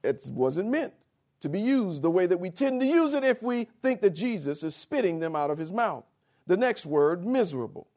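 A male preacher giving a sermon, spelling out words slowly and addressing the listeners directly and insistently. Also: sits high, big pitch swings, a little mellow.

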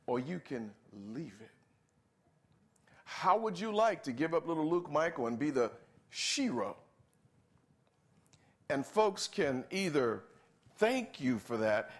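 A man preaching a sermon in church, with a somewhat high voice for a man. He talks emphatically, drawing answers from the congregation and hammering his point home through repetition. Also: fairly bright tone. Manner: emphatic, asks the congregation to answer and repeats key phrases.

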